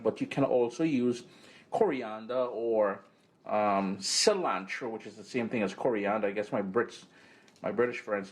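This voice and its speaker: A man hosting a home cooking demonstration in an upbeat, chatty way, recorded in his kitchen. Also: medium pitch. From Caribbean. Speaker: cooking show host. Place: home kitchen and living room.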